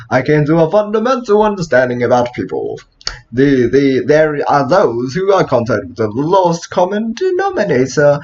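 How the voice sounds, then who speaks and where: A man reading a fussy, snobbish male dragon ice cream maker from a visual novel in a raised put-on voice, slow and deliberate. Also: fairly high pitch, dull audio. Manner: reads slowly in a raised put-on voice.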